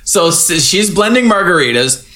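A man's voice: high voice, normal speed. A man co-hosting a podcast, recapping a TV episode in casual, profane chat and acting out the characters as he goes. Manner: animated, profane, laughs often, acts out characters. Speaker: podcast co-host.

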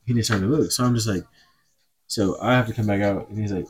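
A man's voice: fairly low pitch, fast talker, slight background noise. A young man co-hosting a podcast, chatting casually and telling rambling, laid-back stories. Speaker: podcast co-host. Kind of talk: casual chat.

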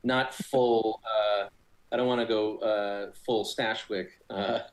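A man guesting on a fan podcast, answering questions in a thoughtful, halting and wry way. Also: fairly low pitch, steady tone, low-quality recording. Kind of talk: casual chat.

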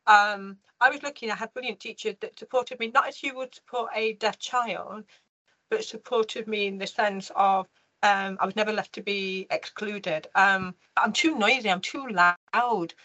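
A British woman, a guest in an interview, tells her life story with energy, full of restarts and fillers. Her voice is medium-pitched and moderately paced, and the recording sounds muffled.

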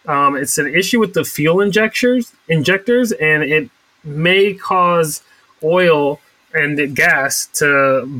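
A man's voice: fairly high pitch, pushed and bright, poor audio. A young man co-hosting a podcast, chatting casually with rambling, sarcastic asides. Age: young adult. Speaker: podcast co-host. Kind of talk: casual chat.

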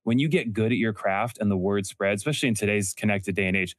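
Young man, low voice, dry sound, earnest storyteller, quick self-corrections. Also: no room sound. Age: young adult. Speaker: podcast host and entrepreneur guest. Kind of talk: casual interview talk.

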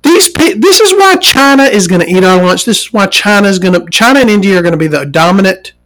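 A forty-year-old vlogger rants through a story, exasperated and swearing constantly. The pitch swings wildly, leaping high in outrage and dropping low for asides. The people in the story get mimicked along the way. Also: animated, quick pace, a bit bright, low-quality recording. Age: 40s. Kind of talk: profane ranting storytime.

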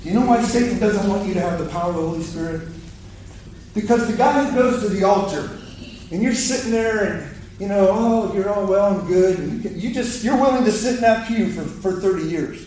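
A man's voice: sits high, fairly quick, a little mellow, slight background noise. A man preaching a fiery sermon in a church, exhorting the congregation and calling for their response. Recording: echoey hall, mic from far off.

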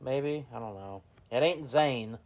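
A woman's voice: very deep voice, unhurried, darkish tone. A woman co-hosting a casual podcast, dropping dry, laid-back remarks. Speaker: co-host.

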